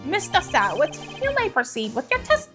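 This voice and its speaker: A stern old male judge, acted by a woman, booming and formal as he keeps order. The voice rises high and swings widely in pitch. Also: huge pitch swings, moderate pace, music in the background.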